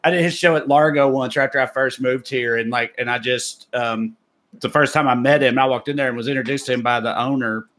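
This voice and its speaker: A man's voice: mid-range voice, fairly even intonation, a little fast, a bit bright. A man with a thick Appalachian Southern accent, a podcast co-host and comedian telling stories in casual chat, rambling with restarts. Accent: Southern US, Appalachian (Tennessee). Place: Los Angeles.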